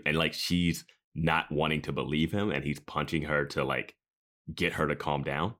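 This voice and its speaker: A man with a very deep voice co-hosts a casual podcast. He laughs often and drifts off into side stories while he talks. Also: moderate pace, a bit bright. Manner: laughs often, wanders into asides. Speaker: podcast co-host. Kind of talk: casual recap chat.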